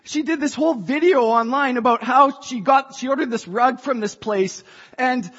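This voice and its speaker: A woman's voice: sits high, normal speed, husky. Impassioned woman preaching in an echoing hall. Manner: impassioned, rising to shouts. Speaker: church speaker. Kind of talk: sermon. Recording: dull sound in a reverberant hall.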